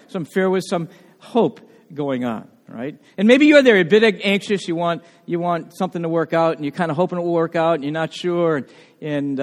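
A man preaching a sermon as pastor, telling stories in an animated way and often restarting his words. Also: on the high side, long reverb tail. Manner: animated storytelling with frequent restarts.

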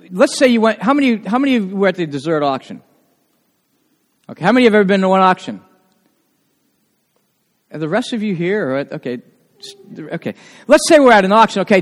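A man preaching a sermon, talking casually with the congregation, asking them questions and building to loud, emphatic passages. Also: high-pitched. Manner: conversational, asks the congregation questions. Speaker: pastor. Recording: long hall reverb.

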